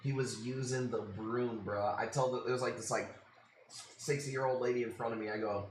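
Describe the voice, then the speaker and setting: A livestream host in his late thirties rambles casually through a story, swearing a lot and saying "dude" constantly. His mid-range voice has a steady tone and normal speed. The sound is roomy, with slight background noise.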